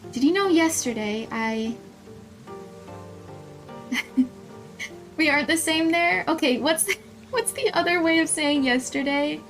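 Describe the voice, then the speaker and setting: A young woman with a high voice chats with her viewers while she plays a game, giggly and easily flustered. She talks at an unhurried pace, and soft game music plays in the background. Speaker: streamer. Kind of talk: casual live-stream chat with viewers.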